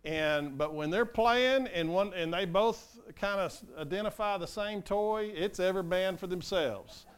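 A man's voice: high voice, a little slow, smooth. An older man preaching a sermon as pastor, earnest and conversational, often asking the congregation questions.

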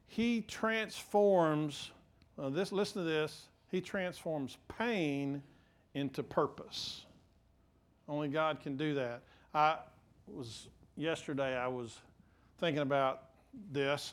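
Middle-aged male pastor, fairly high voice, halting but emphatic preaching. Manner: halting restarts, swings from quiet to emphatic. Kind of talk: sermon.

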